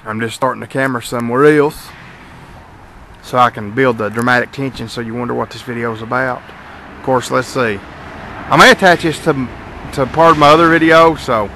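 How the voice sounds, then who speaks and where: A man's voice: medium pitch, fairly even intonation, a little fast, pushed and bright, a little hiss or hum. A young man casually showing off his repainted car outdoors, rambling with fillers and restarts. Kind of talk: casual walkaround vlog.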